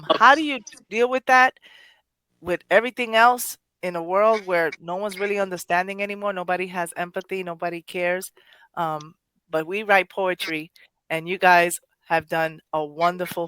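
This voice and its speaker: A woman's voice: lowish voice, fairly even intonation, normal speed, a bit bright, smooth, no room sound. A woman hosting a poetry podcast, speaking emotionally in casual chat, rambling with many restarts and self-corrections. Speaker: poetry show host.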